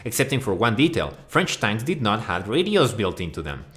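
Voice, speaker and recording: A man's voice: fairly low pitch, big pitch swings, a little fast, a bit bright. A man delivering a crude, swearing, mock-outraged rant that rambles from point to point. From Mexico. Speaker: video host. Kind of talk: profane comedic rant.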